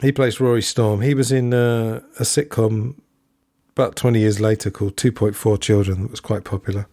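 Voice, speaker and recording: A man's voice: on the low side, steady tone, moderate pace, warm tone, dry recording, studio quality. Musing man reviewing a film. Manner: musing and digressive, with asides and self-corrections. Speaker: podcast host. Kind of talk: solo film review commentary.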